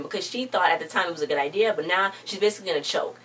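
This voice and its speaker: A woman's voice: lowish voice, racing, few pauses, distant mic, slight background noise. A woman chattily recapping a TV episode in a casual vlog, acting out the characters' lines as she retells them. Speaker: TV show recap vlogger.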